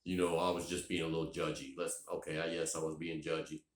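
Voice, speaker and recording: A man's voice: rumbling low, flat delivery, fast talker. A middle-aged man, telling a funny personal story in a rambling, profane way with many restarts. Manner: rambling and profane, lots of restarts and "you know". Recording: echoey room.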